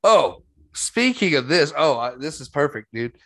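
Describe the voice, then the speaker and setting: A man spinning a rambling story in casual podcast chat, his voice swinging up and down with lively energy. The sound is dry and close to the mic. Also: fairly high pitch, unhurried, no room sound. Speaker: podcast host.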